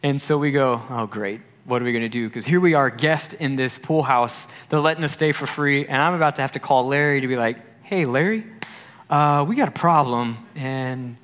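Speaking briskly at medium pitch with hardly any pauses, a young adult youth pastor shares a personal story from the pulpit. He acts out quoted voices with lively delivery, and the sound carries long hall reverb.

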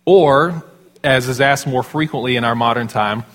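A man in his thirties preaching a sermon as pastor in a church sanctuary, conversational and self-deprecating with quick asides. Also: medium pitch, a bit bright. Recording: long hall reverb.

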